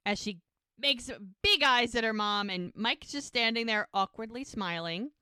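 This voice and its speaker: A woman hosting a podcast, retelling scenes in a casual, animated way, acting out the characters' lines and laughing often. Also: a little high, normal speed, clear, resonant tone, dry recording, studio quality. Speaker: podcast host. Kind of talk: casual episode recap.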